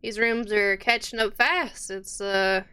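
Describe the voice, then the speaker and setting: A woman's voice: mid-range voice, fairly even intonation, slow pace, pushed and bright, clean tone. Woman doing a folksy, hardy tavern keeper. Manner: folksy, plainspoken country talk.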